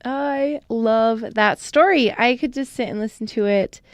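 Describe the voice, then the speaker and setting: A woman co-host speaks in a relaxed, chatty way, responding supportively and laughing along. Her voice sits on the higher side and the recording is dry and close. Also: a little slow, no echo. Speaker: podcast co-host. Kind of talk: casual chat.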